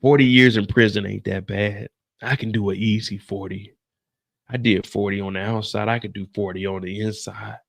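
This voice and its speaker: A man's voice: on the low side, steady tone, normal speed, vocal fry, no room sound, pitched below the performer's own voice. A man playing an earnest young street hustler. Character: ambitious young male drug dealer, earnest and blunt.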